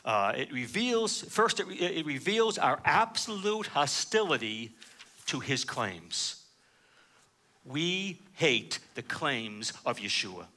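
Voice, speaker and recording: A man's voice: a little high, sing-song, slow pace, bright, forceful tone. A man preaching a sermon, reading scripture aloud and explaining it verse by verse, with frequent "uh" fillers. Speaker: pastor.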